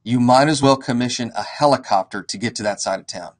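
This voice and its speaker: A man telling a casual, animated story to an audience, acting out the dialogue. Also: medium pitch, a little fast. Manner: animated, acts out quoted dialogue. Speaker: real estate investor and educator.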